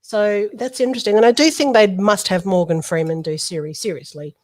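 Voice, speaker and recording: Woman, podcast co-host, chatty, quick asides, mid-pitched voice, casual tech talk. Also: darkish tone. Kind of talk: casual chat, reading out update notes.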